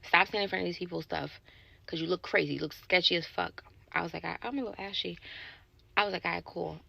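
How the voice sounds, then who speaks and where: A woman telling a casual story to camera about a bad date, indignant and animated, swearing and acting out both sides of the dialogue. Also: fairly low pitch, quick pace, creaky, dry recording. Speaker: sales associate telling a dating story.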